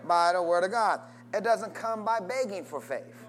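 A man's voice: animated, moderate pace. A man preaching a sermon, constantly calling out questions for the congregation to answer and urging them to say amen. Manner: call-and-response preaching with wide swings in pitch and loudness.

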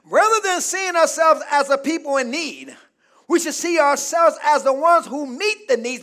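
A man preaching a call-and-response sermon as pastor, calling for amens, prompting the congregation to fill in words and building to shouts. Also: extremely high pitch, lively intonation, normal speed. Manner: preaching with calls of "say amen, somebody" and rising shouts. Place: church.

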